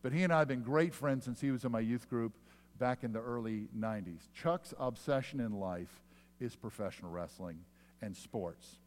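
Pastor preaching in a reverberant church. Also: male voice, medium pitch. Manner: animated storyteller, rising loud for punchlines, then dropping soft and slow. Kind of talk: sermon with storytelling. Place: church sanctuary. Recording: long hall reverb.

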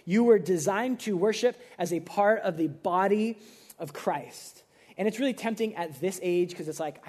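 High-voiced young man preaching casually. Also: moderate pace. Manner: casual, animated preaching with playful mock-quotes. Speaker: pastor. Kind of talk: sermon.

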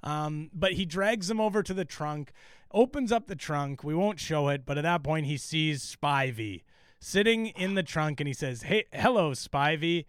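A man co-hosts a casual podcast recapping a TV show, talking with enthusiasm and plenty of swearing. His voice sits a bit high and comes through smooth and clear. The sound is close and dry, with filler words scattered through his talk. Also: moderate pace, no echo. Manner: enthusiastic, profane, many fillers. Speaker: podcast co-host.

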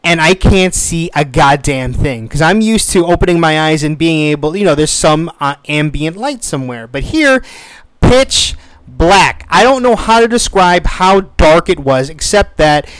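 Animated, profane man in his thirties. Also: a little high, a little slow, clean tone, dry recording. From United States. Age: 30s. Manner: animated, swears freely, acts out quoted voices. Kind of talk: casual storytelling.

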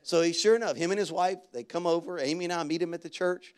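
Animated higher-voiced male preacher. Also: fast, clear, resonant tone. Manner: animated preaching that jumps into loud shouted bursts; conversational storytelling with casual slang. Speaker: guest pastor. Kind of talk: sermon.

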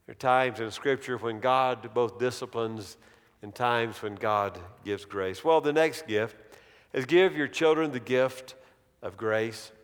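Pastor preaching in a reverberant sanctuary. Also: male voice, medium pitch, clear, resonant tone. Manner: dramatic storytelling, slowing and dropping to a hush on key words. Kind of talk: sermon. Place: church sanctuary. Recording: long reverb of a large hall.

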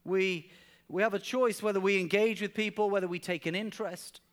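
A man's voice: high voice, steady tone, a little fast. A man preaching a sermon at a church service, telling stories earnestly and often repeating words as he goes. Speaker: pastor.

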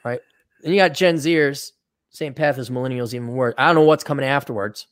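A man from Wisconsin co-hosts a casual talk show, reading out donations and offering blunt, sarcastic opinions while acting out mocking quotes. His medium-pitched, slightly bright voice is brisk, and the studio recording is dry and clean.

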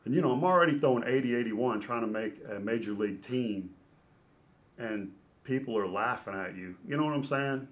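A middle-aged man, a former ballplayer and podcast guest, telling an animated story. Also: medium pitch, brisk. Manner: animated storyteller who acts out scenes. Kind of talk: storytelling interview.

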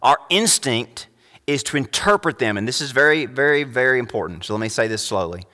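A young adult man preaching a sermon as pastor, emphatic, rising to loud high peaks. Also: lively intonation, fairly quick, big-room sound.

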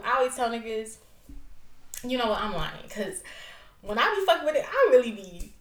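A woman's voice: a little high, fairly bright tone. A young woman hosting her own podcast, chatting casually in a loose, profane, rambling way and laughing often. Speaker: podcast host. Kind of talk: casual solo podcast chat. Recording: roomy echo.

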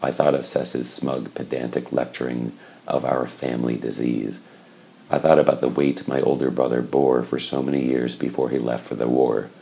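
A man reading a first-person novel aloud in a slow, measured, somber way. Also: extremely low pitch, gravelly, mellow. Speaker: audiobook narrator. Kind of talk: scripted first-person narration.

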